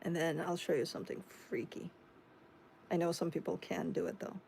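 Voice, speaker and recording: A woman's voice: on the low side, steady tone, fairly quick, vocal fry, a little mellow, a little hiss or hum. A woman with a Chicago accent hosting a tarot live stream, reading viewer comments aloud and chatting back casually.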